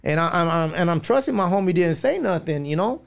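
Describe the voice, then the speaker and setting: Gravelly storyteller. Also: male voice, high-pitched, lively intonation, fairly quick. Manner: rambling storytelling with many fillers, acting out quoted dialogue. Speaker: podcast guest. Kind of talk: personal storytelling.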